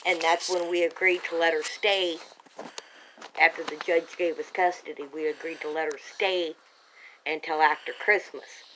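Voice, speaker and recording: A woman's voice: sits low, fairly even intonation, normal speed, a bit bright, a little hiss or hum, poor audio. A woman telling her own story in an agitated, insistent way, full of restarts, into a home camera held by a family member. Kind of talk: rambling monologue to a home camera.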